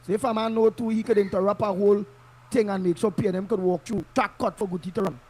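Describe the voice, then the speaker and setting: A man's voice: high voice, fairly even intonation, quick pace, darkish tone. A man with a Trinidadian accent giving impassioned political commentary, emphatic and repetitive, in local Creole phrasing, heard through an online call-in mic.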